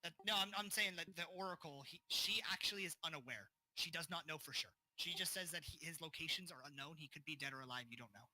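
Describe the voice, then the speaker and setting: A man's voice: on the high side, fast talker, hardly any pauses, bright, forceful tone. A man narrating as game master of a tabletop game, casual and full of fillers. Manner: casual, filler-heavy narration with voiced characters.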